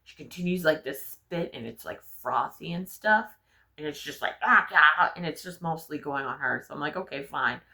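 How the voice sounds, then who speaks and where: A young adult woman vlogging, telling personal stories in a frank, animated way and swearing freely. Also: sits low, moderate pace, vocal fry. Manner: frank, profane, animated storyteller. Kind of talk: candid personal storytelling.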